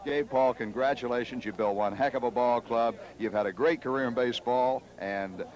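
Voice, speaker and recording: A man conducting postgame TV interviews at a middle pitch. He heaps congratulations on each guest, eager and effusive. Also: normal speed, darkish tone, poor audio. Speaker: sports broadcaster, interviewer.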